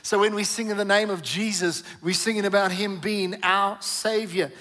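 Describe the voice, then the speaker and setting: A man preaching a sermon as pastor, emphatic and building to forceful peaks, calling on the congregation to repeat after him. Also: high-pitched, steady tone, normal speed, hardly any pauses. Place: church hall. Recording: reverberant church hall.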